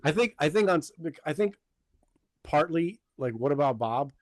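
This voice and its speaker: A man's voice: fairly high pitch, animated, normal speed. A man hosting a podcast, chatting casually in a rambling, hesitant way with many restarts. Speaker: podcast host. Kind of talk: casual chat.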